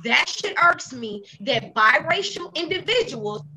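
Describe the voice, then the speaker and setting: A woman's voice: sits high, measured pace, low-quality recording. A woman in her thirties, a talk show host, chatting casually and telling stories with heavy profanity. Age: 30s. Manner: animated storytelling, heavy profanity, acts out quoted people. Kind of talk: casual chat.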